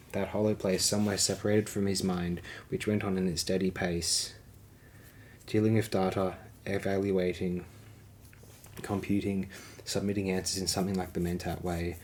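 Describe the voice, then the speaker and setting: A man narrating an audiobook in a steady, measured reading. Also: sits low, slight background noise.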